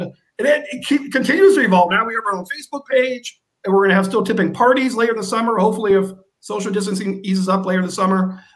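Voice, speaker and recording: A man, a guest in a casual live-stream interview, telling stories about his fundraiser in an animated, lively way. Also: high voice, poor audio. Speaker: guest, organizer of a service-industry fundraiser.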